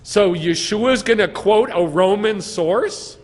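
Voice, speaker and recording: A rabbi teaches in a sermon in a synagogue sanctuary, quizzing his congregation and answering his own questions with emphatic stress. He speaks slowly in a high voice, and the hall adds long reverb.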